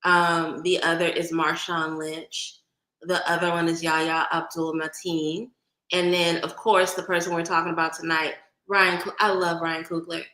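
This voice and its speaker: A woman's voice: on the low side, flat delivery, moderate pace, sharp tone, reverberant, low-quality recording. A woman from Oakland with a light Bay Area accent, chatting casually with viewers on a livestream and greeting them by name. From Oakland, California. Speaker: livestream host.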